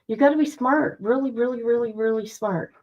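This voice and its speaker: A woman's voice: a little high, a little fast, lo-fi sound. A woman streaming casual commentary to her viewers, blunt and chatty, speaking straight to her audience. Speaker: streamer reacting to news.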